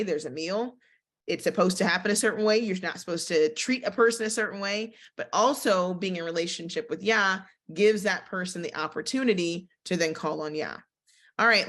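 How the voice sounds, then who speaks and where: Animated woman teaching from scripture. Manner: reads scripture aloud, then breaks off into animated conversational commentary; expressive, with big swings in pitch and tempo. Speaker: Bible teacher. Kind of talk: casual Bible study teaching.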